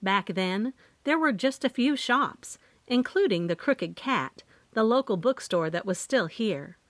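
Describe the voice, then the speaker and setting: A woman reading a first-person audiobook, measured and expressive. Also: mid-range voice, no echo. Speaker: audiobook narrator. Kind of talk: scripted first-person narration.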